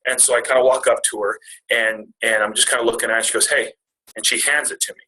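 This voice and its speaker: A man's voice: medium pitch, flat delivery, quick pace, pushed and bright, poor audio. A man in his twenties telling a personal family story at a retreat, rambling and self-deprecating with jokes. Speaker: speaker at a retreat.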